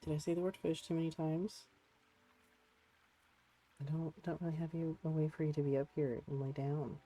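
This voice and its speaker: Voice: medium pitch, little pitch movement, normal speed, mellow, rough recording. A streamer chatting casually while playing a game at a home desk, cooing to a pet cat between musing remarks.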